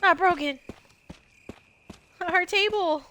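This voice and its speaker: A woman's voice: extremely high pitch, takes it slowly, sharp tone. A woman in her twenties giving chatty, joking commentary over gameplay, often exclaiming. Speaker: gameplay streamer. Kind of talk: casual let's play commentary.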